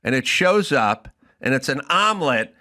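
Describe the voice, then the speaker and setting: Bright-voiced man in a profane rant. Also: medium pitch, very animated, normal speed. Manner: profane, exasperated ranting. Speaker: podcast host. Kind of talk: comedic rant.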